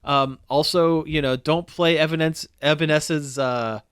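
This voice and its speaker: Man, young adult, podcast co-host, casual chat, easygoing, slightly high voice, dry close sound. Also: a little slow, a bit bright, clear, resonant tone, no echo. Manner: easygoing, agreeable, leads the segments.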